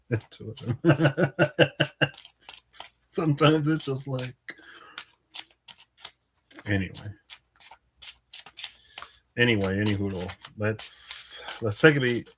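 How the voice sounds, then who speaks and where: A man's voice: on the low side, expressive, measured pace, long pauses, a bit bright, a little hiss or hum. A man giving a casual live card reading, musing aloud with many fillers and little laughs, a bit out of breath. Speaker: tarot and Lenormand card reader.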